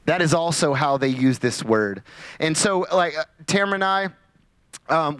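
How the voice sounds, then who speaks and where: A man's voice: a little high, a bit bright, no room sound. A man in his forties preaching a sermon as pastor, loose and conversational with lots of fillers and restarts. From Louisiana.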